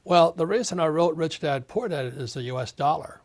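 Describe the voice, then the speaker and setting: An author in his seventies, interviewed as a guest, rants emphatically and acts out the voices he quotes. His voice is fairly high and expressive, at normal speed.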